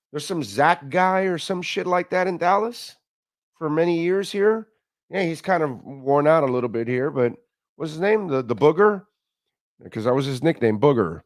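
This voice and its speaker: A man's voice: a little high, dry recording, clean studio sound. Blunt, rambling sports radio host, man. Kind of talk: casual sports talk and live ad reads.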